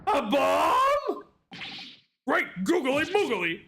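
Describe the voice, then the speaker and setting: A man's voice: high-pitched, animated, a little fast, creaky, noisy background, full character voice. A man voicing a fussy, easily alarmed old male judge while reading game dialogue aloud.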